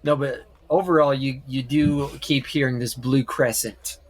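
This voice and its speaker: A man running a tabletop game as game master, narrating hesitantly with many pauses and fillers. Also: medium pitch, steady tone, breathy edge.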